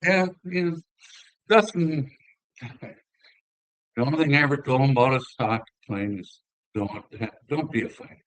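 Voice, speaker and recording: An older man from northern Minnesota with an Upper Midwest accent, a former hockey player telling relaxed, rambling stories in an interview. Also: mid-range voice, moderate pace, pauses often, dry recording, low-quality recording. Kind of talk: casual conversational storytelling.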